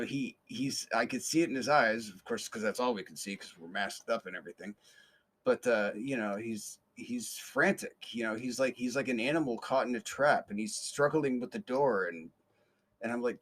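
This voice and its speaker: A man hosting a podcast, telling a story in a rambling, casual way with many fillers, restarts and curses. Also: mid-range voice. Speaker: podcast host.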